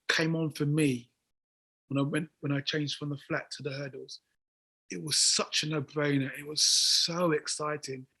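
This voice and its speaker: A man, talking as an interview guest in excitable bursts, repeating words as he builds to near shouts. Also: a little high, slightly rough. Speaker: guest athlete. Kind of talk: casual interview chat.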